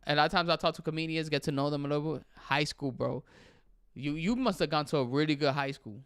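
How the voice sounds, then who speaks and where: A man's voice: on the high side, quick pace, clear, resonant tone, dry recording, studio quality. Chatty bilingual young man streaming live. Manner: animated, chatty, switches between English and Spanish. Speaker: livestream host. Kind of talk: casual livestream chat reading viewer comments.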